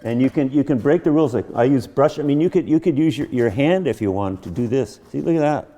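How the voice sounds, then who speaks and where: A middle-aged man leads a painting lesson in his studio, talking eagerly as he works. He often restarts and repeats words mid-sentence. His voice sits at an ordinary pitch with a soft, mellow tone. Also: lively intonation, fast, muffled recording. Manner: enthusiastic, chatty, many restarts and repeated words. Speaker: painting instructor. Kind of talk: painting demonstration. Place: art studio.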